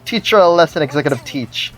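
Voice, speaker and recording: A small boy who talks like a stiff, deadpan butler, with a voice far deeper than a child's, as a woman puts him on. The delivery stays flat and proper, with faint music behind. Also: fast. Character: formal little boy with a deep voice.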